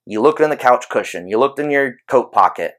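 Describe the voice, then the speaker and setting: A man giving an informal explanatory talk on behavior training, conversational and animated, using everyday examples. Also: mid-range voice, fairly quick. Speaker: behavior analysis educator.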